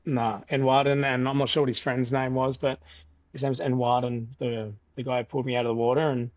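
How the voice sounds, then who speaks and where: A young Australian man telling a story in a casual podcast interview, animated and loose with fillers and restarts. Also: mid-range voice, fairly quick, no echo, highs cut off. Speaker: podcast guest.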